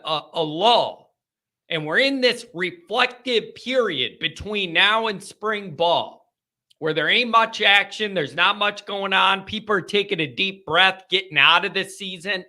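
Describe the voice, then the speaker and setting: A man's voice: sits high, pushed and bright. A man hosting a live fan call-in show, talking in a casual, rambling way with lots of "like" and "you know". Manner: rambling, conversational, filler-heavy.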